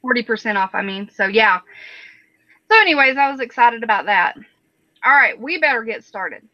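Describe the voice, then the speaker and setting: A woman's voice: on the high side, lively intonation, normal speed, no room sound, lo-fi sound. A woman hosting a casual online panel who chats and reads viewer comments aloud. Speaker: panel host.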